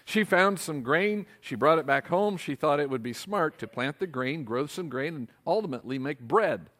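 Animated male pastor preaching. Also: on the high side, moderate pace. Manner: animated, asks the congregation rhetorical questions. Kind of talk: sermon.

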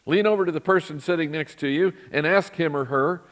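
A man's voice: a little high, a little fast. Conversational man preaching a sermon. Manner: conversational, asks the congregation questions. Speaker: pastor. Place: church sanctuary.

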